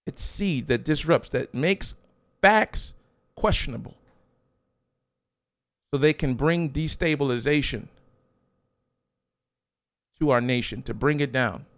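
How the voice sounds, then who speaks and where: A man's voice: mid-range voice, takes it slowly, long pauses. A man preaching a sermon as a pastor, emphatic, with rhetorical questions and repeated phrases.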